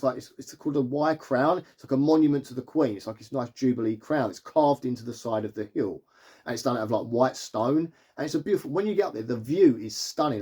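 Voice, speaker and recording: A man's voice: medium pitch, mellow, breathy edge. A man giving a casual, rambling film review full of fillers and easy laughs. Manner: rambling, chatty, filler-heavy with frequent laughs.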